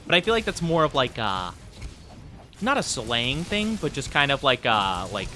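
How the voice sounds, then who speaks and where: A man's voice: medium pitch, very animated, moderate pace, long pauses, sharp tone, a little hiss or hum. A young man chatting casually with his live-stream audience while gaming, rambling with lots of fillers. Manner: rambling, filler-heavy, friendly with chat. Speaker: streamer playing a game.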